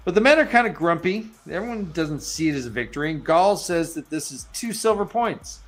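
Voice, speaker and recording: A man's voice: fairly high pitch, expressive, fairly quick, soft background music. A man casually recapping book chapters on a chat show, loose and joking, sliding into playful character voices and crude asides. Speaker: podcast host recapping chapters.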